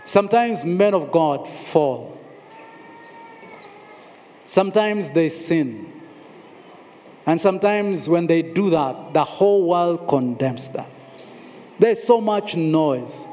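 A man's voice: fairly high pitch, expressive, takes it slowly, pauses often, mellow. A man preaching a sermon, telling the story dramatically, acting out the voices and repeating phrases for emphasis. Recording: long hall reverb.

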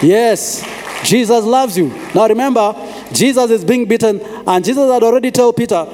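A man preaches a sermon, his voice pitched high for a man. He pauses often and repeats phrases to drive a point home. The sound carries a long reverb from a large hall. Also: darkish tone. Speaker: pastor.

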